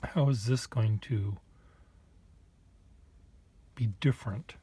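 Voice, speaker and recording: A man vlogging casually, thinking aloud in a halting, self-deprecating way, with muttered asides. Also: mid-range voice, mellow, husky.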